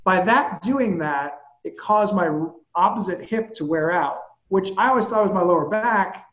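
A man with a notably high voice tells his story with animated energy and casual bluntness. The sound is roomy and a bit muffled. He speaks as a guest on a casual chat. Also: moderate pace. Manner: animated, vivid storyteller who swears casually. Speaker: guest, personal trainer.

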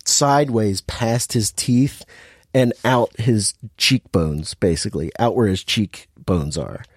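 A man's voice: on the low side, takes it slowly, breathy edge, no echo, studio quality. A man in a casual chat, retelling a movie plot with lots of laughter and acted-out quotes. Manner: animated storyteller, laughs often, acts out quotes.

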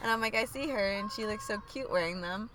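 A woman's voice: medium pitch, fast talker, noisy background. A young woman chatting casually as a podcast guest, chatty and giggly. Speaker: guest, host's sister. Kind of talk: casual chat.

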